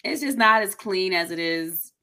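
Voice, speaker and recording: A woman's voice: mid-range voice, lively intonation, moderate pace, pushed and bright. A woman co-hosting a podcast, casually and bluntly picking apart a movie. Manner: blunt, critical, dismissive. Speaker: podcast co-host. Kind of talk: casual movie review chat.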